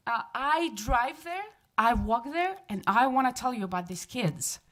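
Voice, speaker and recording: Woman, 30s, higher voice, emotional resident at a council podium, halting and pleading. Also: fairly bright tone. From from another place. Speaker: resident giving public comment. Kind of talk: public comment at a council meeting. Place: city council chamber.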